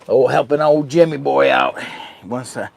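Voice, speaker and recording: A man's voice: mid-range voice, moderate pace, creaky, dry recording. A man hosting a casual livestream from a hot tent, hyper and self-mocking as he talks to his chat. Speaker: livestream host. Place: hot tent while camping in wind and rain.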